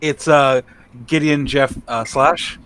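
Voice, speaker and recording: A man's voice: a little high, fairly even intonation, slow, fairly bright tone. A man co-hosting a podcast, adding dry, joking asides in casual chat. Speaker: podcast co-host.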